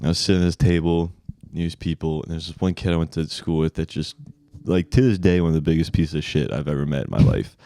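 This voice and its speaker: A young man with a low voice rambles through a story on a podcast, laughing between lines. The sound is dry and close to the mic, with no room around it. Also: fast talker, mellow, no echo. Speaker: podcast co-host. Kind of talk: casual chat.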